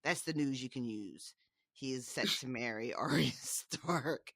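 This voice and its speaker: A woman co-hosting a podcast, chatting casually about a book, animated and laughing often as she acts out quotes. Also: very deep voice, measured pace, creaky, no room sound, clean studio sound. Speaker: podcast co-host.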